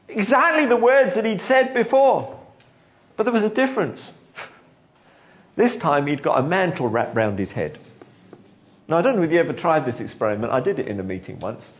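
A man preaching a sermon, telling the story with animated delivery, acting out quotes and chuckling now and then. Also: fairly high pitch, moderate pace, long pauses, highs cut off.

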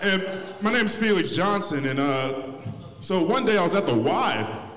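Male stand-up comic, blunt and deadpan, slightly high voice, echoey club. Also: a little slow. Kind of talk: stand-up set. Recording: distant, echoey club room.

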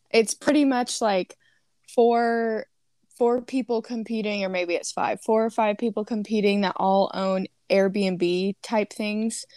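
A woman's voice: medium pitch, darkish tone, clean tone, dry recording. Woman cohost chatting, dry humor, mid-range voice, no room sound. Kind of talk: casual chat.

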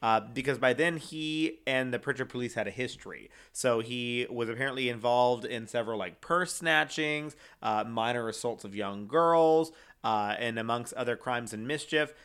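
A young man talks through a true-crime story in a loose, casual way. He wanders, fills gaps with "uh" and "um", and reads quotes aloud in his ordinary middle-pitched voice. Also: moderate pace, few pauses, fairly bright tone, clean tone. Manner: rambling with many fillers, reading quotes aloud. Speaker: co-host.

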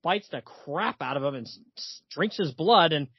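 Husky man retelling comics, laughing. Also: on the high side, moderate pace, no room sound. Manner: animated retelling, reads dialogue aloud, laughs often. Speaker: podcast co-host. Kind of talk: casual comic book discussion. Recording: slightly muffled dry audio.

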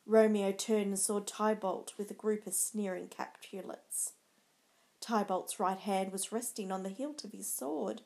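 Woman narrator, storybook reading, slow and measured, mid pitch. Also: fairly even intonation, gravelly, a little mellow.

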